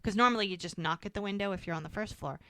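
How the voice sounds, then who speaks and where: A woman's voice: mid-range voice, rapid-fire, fairly bright tone, no room sound. A woman co-hosting a podcast, casually recapping episodes and acting out the characters' lines as she goes. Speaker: podcast co-host.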